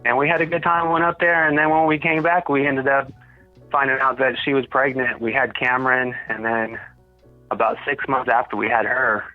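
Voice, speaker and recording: A man's voice: medium pitch, level tone, moderate pace, no echo, phone-quality sound, soft background music. Easygoing man with a Southern drawl. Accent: Southern US picked up in Alabama. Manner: easygoing, rambling, many fillers. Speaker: podcast guest. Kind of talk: casual chat.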